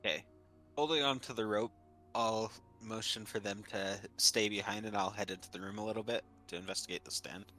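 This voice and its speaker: A man's voice: on the low side, steady tone, brisk, pushed and bright, faint music behind. A man playing a tabletop game, polite and asking questions as he plays. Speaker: player. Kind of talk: casual tabletop game play.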